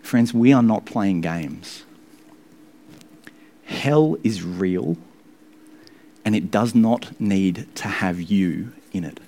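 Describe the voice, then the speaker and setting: A man's voice: on the low side, expressive, slow pace, pauses often, dark tone. A man preaching a sermon in an earnest, emphatic way, with sudden rises in his voice.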